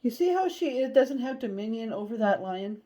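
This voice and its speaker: A woman giving a casual tarot reading, chatty and animated, blunt, and she swears now and then. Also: a little high, moderate pace, rough recording. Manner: chatty and animated, acts out inner voices. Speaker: tarot reader.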